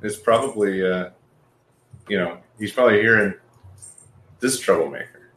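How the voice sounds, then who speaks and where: A man's voice: on the low side, normal speed, fairly bright tone. A man joking and laughing often as a guest on a casual podcast. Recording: echoey room with faint noise.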